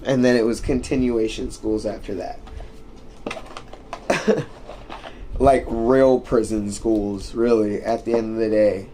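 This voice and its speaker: Speaking slowly with frequent pauses, this young American streamer has a lowish, level, dark voice, and there's slight background noise. He rambles through a casual storytelling rant, profane and full of fillers.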